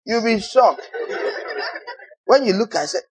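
A man preaching a sermon in a rhetorical, mocking manner, swinging between loud and soft. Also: high voice, expressive, slow, breathy edge.

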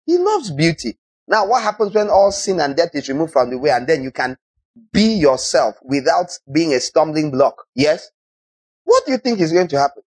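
Male preacher, sermon delivery; husky tone, mocking and rhetorical, dynamic. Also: high-pitched. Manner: rhetorical, mocking, swings from loud to soft.

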